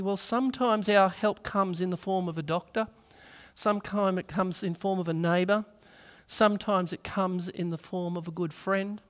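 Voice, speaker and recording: A man's voice: high-pitched, measured pace, a bit bright. A man preaching a sermon in a church, telling a story earnestly and acting out the voices in it. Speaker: pastor. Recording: reverberant church hall.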